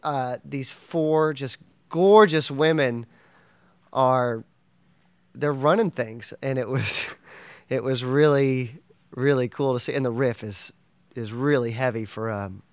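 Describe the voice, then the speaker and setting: An enthusiastic man talks in a casual interview and rambles, full of fillers and restarts. His voice is smooth and clear at a middle pitch. The sound is close and dry. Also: slow pace, no room sound. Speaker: drummer and podcast guest.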